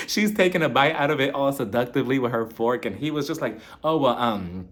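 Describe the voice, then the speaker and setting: Animated man recapping a reality show. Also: medium pitch, normal speed. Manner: animated, acts out quotes, laughs often. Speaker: TV recap reviewer. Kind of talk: casual episode review.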